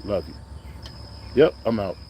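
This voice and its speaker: A man's voice: on the low side, sing-song, a little slow, warm tone, slight background noise. A man hosting a livestream in loose, rambling casual talk, sometimes repeating a slogan like a chant. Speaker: livestream host.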